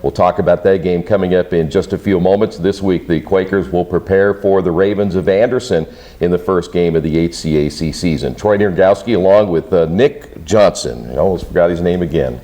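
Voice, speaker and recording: A sports radio host, a man with a very low, dark, mellow voice. He keeps the conversation friendly and chatty, tossing easy questions to his guest. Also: brisk.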